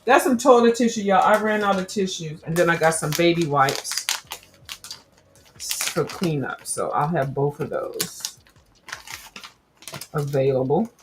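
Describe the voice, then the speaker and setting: A woman chats loosely with her viewers while she works on a craft project. Her voice sits a little low, and her talk is rambling and full of slang as she addresses everyone as y'all. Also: unhurried, pauses often, noisy background. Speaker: crafting livestream host. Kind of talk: casual chat while crafting.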